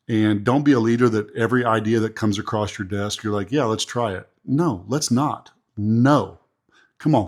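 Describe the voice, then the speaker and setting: With a fairly low voice, a man who is a pastor and podcast host gives a motivational talk on leadership. His delivery is chatty and preachy, and he repeats phrases for emphasis.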